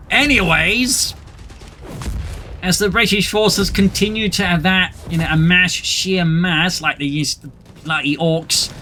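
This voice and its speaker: Brief: male game caster, high voice, brisk wry play-by-play, loud gunfire under him. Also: a little hiss or hum. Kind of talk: play-by-play commentary. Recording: commentary over loud game battle sound. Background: gunfire and artillery.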